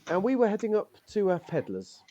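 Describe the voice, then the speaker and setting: A man's voice: high-pitched, huge pitch swings, a little fast, dark tone, dull audio. A man voicing a proud, fussy middle-aged male Morris dancer who rambles on opinionatedly and says "aye," improvised in a role-play game. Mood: recalling.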